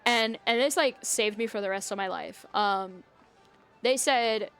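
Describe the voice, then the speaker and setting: A young woman talks off the cuff to her stream viewers. She rambles, trips through fillers and laughs easily. Her voice sits at a middling pitch over faint background music. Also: normal speed, fairly bright tone. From United States. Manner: chatty, rambling, full of "like" and "um", laughs often. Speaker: live streamer. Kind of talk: casual chat with viewers.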